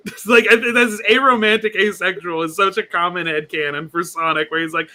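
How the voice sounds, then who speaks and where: Bright high-voiced man rambling. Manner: quick, rambling, laughing. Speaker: podcast co-host. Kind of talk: casual chat.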